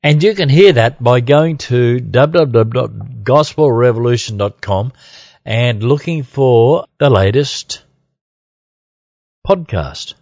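A man with an Australian accent co-hosting a podcast in relaxed, jokey banter, often laughing as he talks. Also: mid-range voice, slow, gravelly, no room sound, highs cut off. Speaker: podcast co-host. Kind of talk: casual chat.

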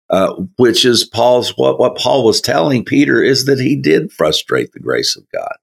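A man leading a verse-by-verse Bible study, speaking in a slow, folksy way with chuckling asides. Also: fairly low pitch, animated, gravelly. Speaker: Bible teacher.

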